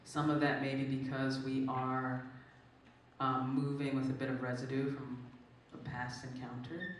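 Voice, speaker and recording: Expressive speaker in an echoey hall. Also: measured pace, distant mic, a little hiss or hum. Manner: expressive, swings up high when animated. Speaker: author and guest speaker. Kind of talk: live onstage conversation. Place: large echoing hall at a live event. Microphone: distant from the microphone.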